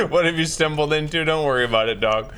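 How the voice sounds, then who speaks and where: A man's voice: fairly high pitch, expressive, brisk, sharp tone, clear, resonant tone. Laid-back young man joking on a stream. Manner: laid-back, jokey, laughs often, says "bro". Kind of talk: casual gaming stream chat.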